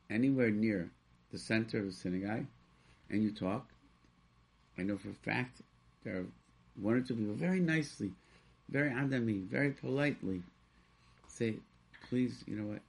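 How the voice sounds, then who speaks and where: Man, gravelly, husky, animated storyteller, casual talk. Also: lowish voice, normal speed, long pauses. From Rochester, New York. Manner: animated storyteller, acts out quoted voices.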